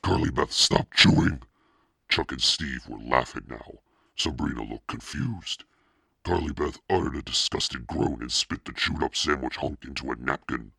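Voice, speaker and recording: A man reading a children's story aloud in a steady, expressive narration. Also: extremely low pitch, normal speed, gravelly, husky, dry recording, studio quality. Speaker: audiobook reader.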